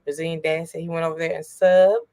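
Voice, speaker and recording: A woman hosting a casual livestream, reading out viewer comments and greeting people in a relaxed, easygoing way. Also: sits low, fast talker. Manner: relaxed, reads viewer comments aloud, chuckles. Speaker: livestream host.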